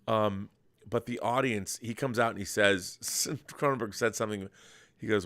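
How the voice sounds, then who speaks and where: A middle-aged man hosts a podcast, chatting casually and enthusiastically about films and rambling with restarts. His voice is lowish and a bit bright, at normal speed.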